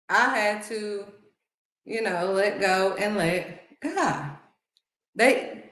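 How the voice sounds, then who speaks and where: A woman's voice: medium pitch, extremely slow, a bit bright. A woman giving heartfelt spiritual encouragement in a conversational preaching style, repeating phrases for emphasis. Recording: roomy echo.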